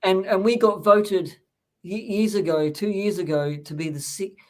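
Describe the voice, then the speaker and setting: A man from New Zealand with a New Zealand accent, chatting casually as a guest co-host, easygoing and quick to laugh. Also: high-pitched, fairly even intonation. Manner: easygoing, laughs often, many fillers. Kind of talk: casual chat.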